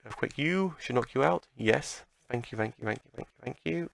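A man giving gameplay commentary, excitable and talking back at the game as he plays. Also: mid-range voice, brisk, creaky, hardly any pauses, dry recording. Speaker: let's play commentator.

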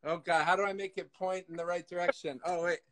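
Cooking during a live video call, this guest cook chats casually and cracks jokes at his own expense, getting loud when he leans in. His voice is high-pitched with fairly even intonation, and he talks fast. The recording quality is low.

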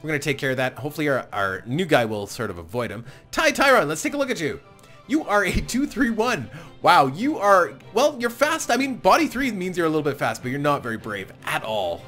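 Man hosting a casual game playthrough, chatty, sing-song pitch, slightly high voice. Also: huge pitch swings, a little fast, pushed and bright, soft background music. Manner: apologetic, chatty, self-mocking, laughs often. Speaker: gaming channel host. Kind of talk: casual let's-play commentary.

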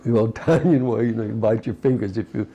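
An elderly man in his eighties tells his life story for an oral history interview, wandering from memory to memory. His voice sits low and gravelly with a dark, husky tone. He keeps dropping in little "you know" asides as he goes. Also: fast, dull audio, slight background noise. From United States. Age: 80s. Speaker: retired fisherman recounting his life.

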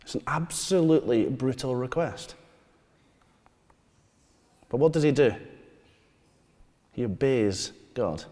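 A man, preaching a sermon. He tells stories and asks the congregation questions, dropping to quiet asides. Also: medium pitch, lively intonation, takes it slowly, pauses often. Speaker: pastor. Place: church hall. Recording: long church reverb.

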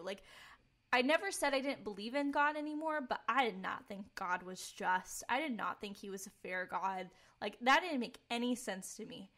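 A woman's voice: on the high side, animated, brisk, a bit bright. A young woman, a podcast co-host, candidly telling her personal faith testimony in casual talk, earnest and peppered with "like". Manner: earnest, candid, filler-heavy with frequent "like".

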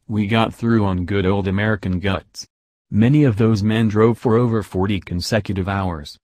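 A man reading out a blunt, profane army general's speech to his troops in a gruff, commanding manner. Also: on the low side, steady tone, normal speed, a little mellow, no echo, natural voice. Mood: stern. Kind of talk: read-aloud speech.

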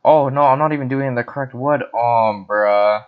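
A man's voice: mid-range voice, normal speed, smooth. A tipsy young man rambling and swearing as he hosts a casual Minecraft building session, mocking himself as he plays. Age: young adult. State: tipsy from wine. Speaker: host. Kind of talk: casual Minecraft let's-play chatter. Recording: dull lo-fi recording.

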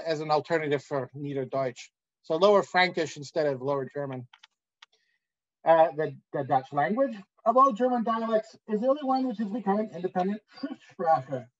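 A man giving an academic conference talk, measured and pausing often with "uh.". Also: high-pitched, dull audio. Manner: measured, with frequent "uh" pauses. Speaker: academic lecturer.

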